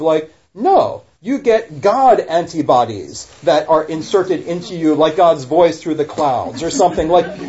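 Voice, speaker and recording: Heard on a dull lo-fi recording of a casual podcast discussion, a rabbi with a mellow voice on the high side talks animatedly. He keeps asking rhetorical questions and revising what he says mid-sentence.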